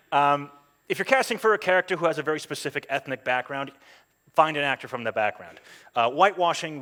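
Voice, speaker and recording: A man who works as a voice actor, giving a chatty, anecdotal talk at a game event with lots of ums and quick voiced asides. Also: mid-range voice, sharp tone. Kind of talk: conference talk. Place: stage at a game jam event.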